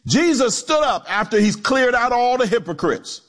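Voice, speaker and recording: A male pastor preaching a sermon, animated, acting out quotes in low voices and joking with the congregation. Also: normal speed. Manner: animated preaching with swooping pitch and dramatic drops.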